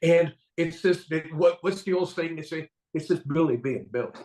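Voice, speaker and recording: A man hosting a casual live stream, talking in a lively, folksy, enthusiastic way. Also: on the high side, moderate pace. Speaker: host. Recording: echoey room.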